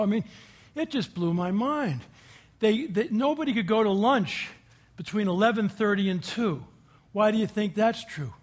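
A man with a notably high voice delivers an inspirational talk before a live audience. He speaks in a folksy, storytelling way, breaking off to ask his listeners questions. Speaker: guest speaker addressing a group.

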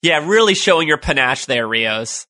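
A man co-hosting a casual fan discussion podcast, chatty and quick with jokes. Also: a little high, animated, pushed and bright, no room sound. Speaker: podcast co-host.

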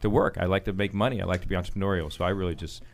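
A man with a very low voice speaks quickly, stories tumbling out as he answers interview questions. He talks with plenty of fillers and restarts, keeping a conversational flow. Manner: animated storytelling with frequent fillers and restarts. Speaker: guest, business owner.

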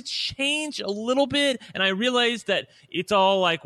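A man's voice: very high voice, unhurried, few pauses, bright, forceful tone. A man from Indiana co-hosting a TV recap podcast, speaking candidly and opinionatedly in casual chat. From Indiana, USA. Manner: candid, opinionated, trails off and restarts. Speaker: podcast co-host.

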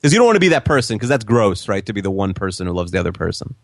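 Quick, animated man chatting. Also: lowish voice, vocal fry, dry recording, studio quality. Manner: quick, animated, lots of fillers. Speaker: podcast co-host. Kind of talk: casual chat.

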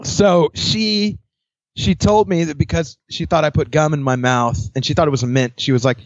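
A young man, a podcast guest, telling his dating stories in casual chat, candid and quick to laugh, swearing freely. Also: a little high, fairly even intonation, no room sound. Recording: dry, dull lo-fi sound.

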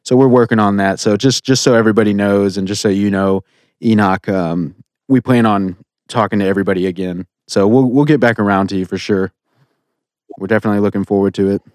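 A man's voice: fairly low pitch, steady tone, brisk, darkish tone, no echo, clean studio sound. A man co-hosting a casual podcast, rambling with many fillers and restarts. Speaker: podcast co-host.

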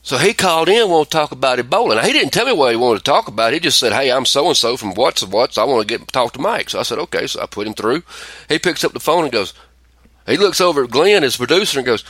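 A man's voice: mid-range voice, quick pace, no room sound. A man hosting a casual podcast chat, ranting and telling stories with plenty of swearing. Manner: profane, ranting, animated storytelling. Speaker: podcast host.

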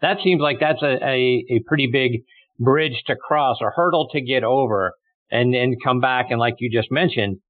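A man's voice: medium pitch, normal speed, no echo. A man hosting a golf podcast, asking long, rambling questions. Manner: rambling, loose questions with fillers. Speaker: podcast host. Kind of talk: interview questions. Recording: dry tinny phone-like line.

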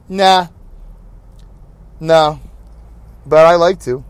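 A man's voice: on the high side, animated, slow pace, long pauses. A man hosting a podcast, chatting casually and rambling to himself while driving. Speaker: podcast host. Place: inside a moving car. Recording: car interior with road noise.

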